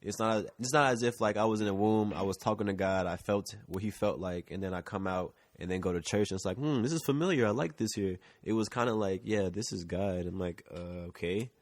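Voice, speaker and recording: A man's voice: sits low, fairly even intonation, brisk, hardly any pauses, dry recording. A man co-hosting a podcast in loose casual chat, rambling with lots of "like" and the odd swear word. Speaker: podcast co-host. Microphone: shared mic.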